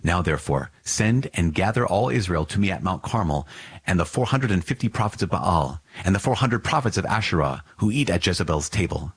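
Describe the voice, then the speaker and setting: A man's voice: sits low, animated, a little fast, husky, no echo, heavily acted. A man reading the part of a bold prophet, firm and commanding. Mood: stern. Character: stern bold male prophet.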